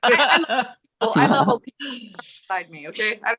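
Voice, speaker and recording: A woman's voice: a little high, lively intonation, normal speed, crowd noise. An older woman performing a raunchy stand-up set over a video call from home, mocking herself and laughing at her own jokes. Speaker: stand-up comic.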